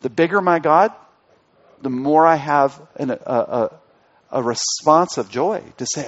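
Male pastor, interactive sermon; a touch high-pitched, muffled lo-fi recording, repeats key phrases. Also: a little slow. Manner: asks the congregation questions, repeats key phrases. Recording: dull lo-fi recording.

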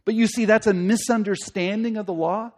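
A man's voice: sits high, fairly even intonation, a little fast. A man preaching an expository sermon, earnest and repeating key phrases for emphasis.

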